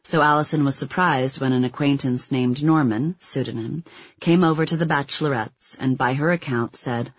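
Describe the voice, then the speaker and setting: A man reads nonfiction narration in a steady, measured way, his voice a little husky. The recording is dry and close, with a slightly dull, muffled tone. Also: mid-range voice, no echo. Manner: even, measured reading; quotes read with little acting. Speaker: audiobook narrator.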